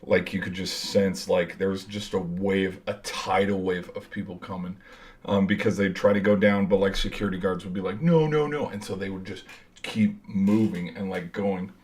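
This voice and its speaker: A man's voice: low voice, flat delivery, normal speed, darkish tone. A young man telling a game-day story in a casual, rambling way, swearing freely and filling with "like". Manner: rambling, profane, lots of "like". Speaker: college football fan vlogger.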